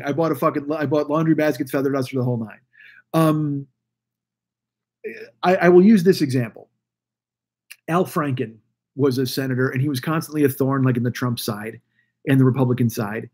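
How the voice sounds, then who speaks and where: A man's voice: medium pitch, moderate pace, long pauses, darkish tone, slightly rough. A man in his forties rambling through a profane solo podcast rant, full of restarts and asides. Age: 40s. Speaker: podcast host. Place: Los Angeles.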